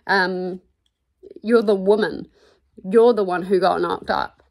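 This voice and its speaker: A woman's voice: mid-range voice, fairly even intonation, slow pace. A woman with a New Zealand accent reading the lines of a scornful, scolding male 1960s boss in a book vlog.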